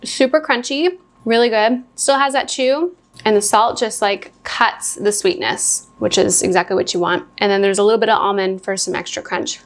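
A woman's voice: medium pitch, moderate pace, few pauses. A young woman hosting her own home cooking video, talking casually through each step and chatting while she eats. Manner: chatty, talks while eating.

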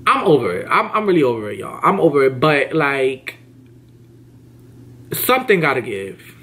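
A young man in his twenties telling a casual storytime, animated and quick, acting out each line of quoted dialogue. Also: medium pitch.

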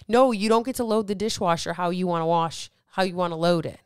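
Speaking briskly in a smooth, medium-pitched voice, this woman hosts a weight loss podcast and talks straight to her listeners. She is blunt, emphatic, motivational, and swears freely, and the studio-quality recording has no echo.

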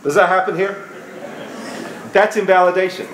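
A man giving a live seminar talk to an audience, playful and animated, teaching through examples. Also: high-pitched, measured pace, pauses often. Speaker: family seminar co-presenter. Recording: echoey hall with faint room noise.

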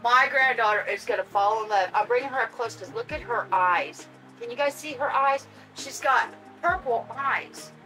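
High, bright, gushing woman. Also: moderate pace, soft background music, poor audio. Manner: gushing, excitable, talks to her audience and pets. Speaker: vlogger unboxing reborn dolls. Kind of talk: casual unboxing vlog.

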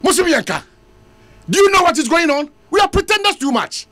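A Ghanaian man with a very high, swooping voice rants on a talk radio show, firing off words fast. He mixes Twi and English and argues with passion. The studio sound is close and dry. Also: very animated, bright, forceful tone, dry recording. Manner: impassioned, ranting, mixing Twi and English. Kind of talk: heated talk radio debate.

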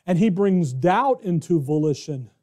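An American man preaching a conversational, animated sermon who acts out the voices of biblical characters. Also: sits high, unhurried. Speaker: pastor.

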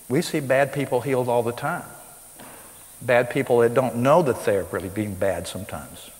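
Man preaching in an echoing hall. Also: mid-range voice. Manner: emphatic, rising to stress points. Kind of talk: sermon. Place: school hall with live audience. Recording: long reverb of a large hall.

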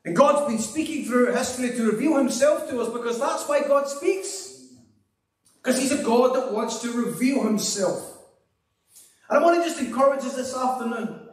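Speaking fairly fast in a very high voice, this pastor from Scotland delivers a sermon with a repetitive, earnest rhythm and quiets down when he prays. The church hall echoes, and the microphone sits well back from him.

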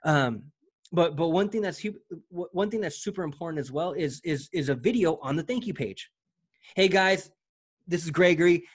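A man giving a casual, energetic software walkthrough, talking in slang and often repeating his words as he goes. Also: fairly high pitch, brisk, breathy edge. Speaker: presenter demoing software.

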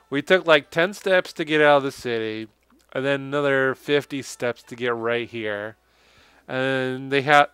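Game commentator, male, sarcastic and joking, laughs often, clear smooth voice, faint music behind. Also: mid-range voice, a bit bright. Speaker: let's play commentator.

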